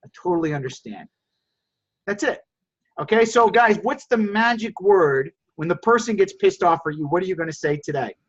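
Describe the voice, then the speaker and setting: Energetic high-voiced male sales coach. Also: fairly quick, hardly any pauses. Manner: energetic and repetitive, addresses listeners as "guys". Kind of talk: coaching call to course members. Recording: dull lo-fi recording.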